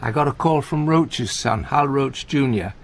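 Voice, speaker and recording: An actor playing a gentle, anxious older comedian in a radio play, talking in halting, stammering restarts. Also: male voice, mid-range voice, gravelly. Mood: tender, coaxing. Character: aging male comedian, gentle, anxious, talkative. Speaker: visiting friend and comedy partner.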